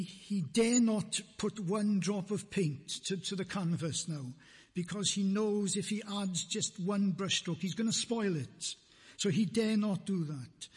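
Male preacher, husky, slow measured sermon, slightly high voice, echoing church. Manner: slow, deliberate, repeating phrases for emphasis.

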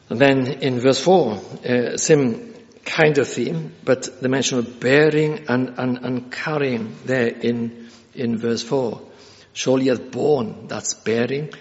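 In a dull, lo-fi recording full of long church-hall reverb, a medium-pitched man delivers an earnest expository sermon. He keeps coming back to key phrases and fills the gaps between points with frequent hesitant sounds.

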